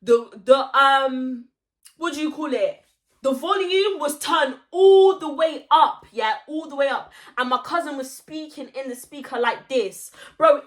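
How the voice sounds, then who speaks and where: A young vlogger with a high voice tells a story-time vlog in an animated, slangy style, acting out the voices of the people involved.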